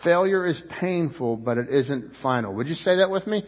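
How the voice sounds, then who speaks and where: A man delivers a sermon in a slightly high voice, spinning a story and pressing it home to his listeners. He lifts his voice to stress a point and drops to a near hush for the lesson. The sound is muffled and carries a long echo, as in a large church hall. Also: animated, normal speed, few pauses. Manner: storytelling preacher, rising and dropping to a hush. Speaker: pastor.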